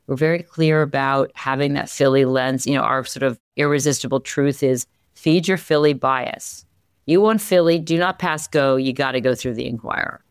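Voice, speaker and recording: Philly newspaper exec in an interview, smooth clear voice, dry close sound, gets animated and restarts a lot. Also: medium pitch, moderate pace, no room sound. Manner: energetic, animated, many restarts. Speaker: newspaper executive, interview guest. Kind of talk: conversational interview.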